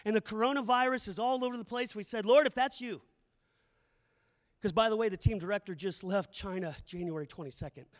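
A man preaching with a strikingly high voice, moving from quiet storytelling to fervent shouted prayer. His voice rings out with a long hall reverb behind it. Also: fairly quick. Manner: impassioned, swings from hushed to shouted prayer. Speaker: campus missionary preacher. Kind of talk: sermon.

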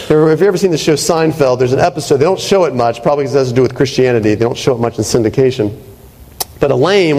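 A male pastor with a mid-range, darkish voice preaches a sermon conversationally, often checking in with "right?". The recording is in a reverberant hall.

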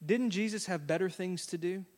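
A man preaching a sermon as pastor, folksy and conversational, acting out quotes in a lively way. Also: sits high, moderate pace. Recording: long hall reverb.

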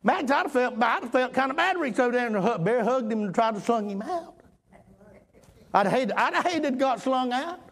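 A man preaching a folksy sermon, swinging from loud emphatic lines to low murmurs. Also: expressive, normal speed, vocal fry.

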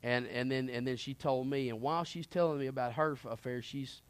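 A man preaching and telling his personal testimony, earnest and impassioned, swinging between hushed moments and emphatic ones. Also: medium pitch, steady tone, a little fast, clear, resonant tone, dry recording.

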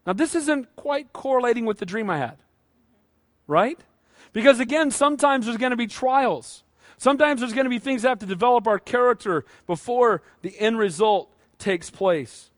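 A man preaching a sermon, acting out the voices of people from the Bible in a lively way. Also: extremely high pitch, normal speed, no echo. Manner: animated, acts out voices of Bible figures. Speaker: pastor.

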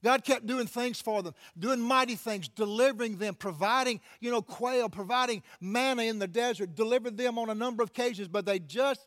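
A pastor preaching a sermon, often calling out to the congregation for an amen, with frequent restarts and repeated words. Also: male voice, very high voice, fairly quick, hardly any pauses, fairly bright tone. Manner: preaching with call-outs to the congregation.

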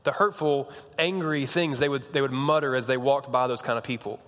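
A man's voice: medium pitch, fairly even intonation, brisk, a bit bright, big-room sound. A young man preaching a sermon in a casual, conversational way, with slang and frequent restarts. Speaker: pastor.

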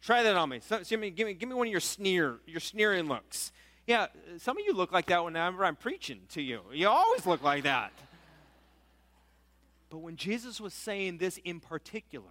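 A man preaches a sermon in a high, bright voice. He keeps it conversational, asking questions and acting out what his listeners might say. His voice rings out with a long reverb, as in a large hall. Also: big pitch swings, moderate pace. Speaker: pastor.

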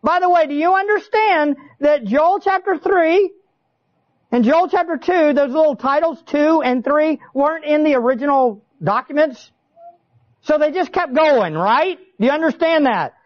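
A man preaching a sermon, chatty and animated, often turning to ask his listeners questions. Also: very high-pitched, normal speed, dull audio. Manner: animated, conversational, asks the audience questions. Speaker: pastor. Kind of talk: expository sermon.

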